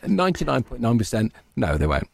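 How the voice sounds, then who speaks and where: A man's voice: mid-range voice, wildly swooping pitch, brisk, gravelly. A man who narrates audiobooks, chatting as an interview guest and explaining his work at length. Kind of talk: casual interview chat.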